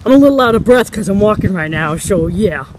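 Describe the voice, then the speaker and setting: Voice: medium pitch, expressive, a little fast, lightly acted. Cast: someone putting on a jumpy, breathless animatronic bunny, shrieking for pizza over traffic noise. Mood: excited. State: out of breath from walking. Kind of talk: comedic role-play vlog.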